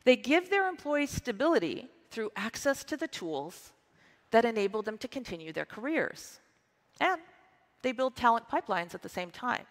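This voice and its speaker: A woman's voice: a little high, big pitch swings, normal speed. A woman in her forties giving an upbeat, emphatic scripted keynote to a conference audience. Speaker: conference presenter. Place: large conference hall. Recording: reverberant conference hall.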